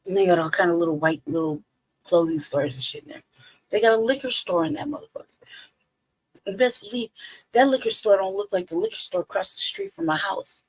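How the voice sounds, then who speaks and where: Gravelly, laughing, profane live-stream host. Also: mid-range voice, brisk, low-quality recording. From Colorado. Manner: swears constantly, laughs between lines; lively storytelling with quoted asides. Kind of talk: casual profane rant. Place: home, indoors.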